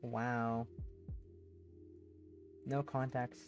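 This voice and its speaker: Here a young woman on stream pauses often as she reads narration and dialogue from a visual novel, stopping now and then to talk with viewers. Her voice sits on the low side at a normal speed, captured dry and close with soft background music.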